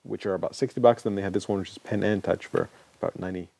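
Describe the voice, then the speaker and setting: On a casual technology show, a male co-host jokes and rambles while demonstrating a gadget, correcting himself as he goes. His low, warm voice races along with vocal fry, and there's no room sound.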